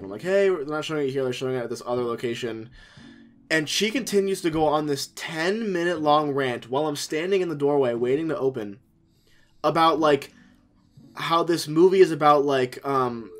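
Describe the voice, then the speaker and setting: A young man co-hosting a podcast, telling a story in casual chat with animated energy. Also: a little high. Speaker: podcast co-host.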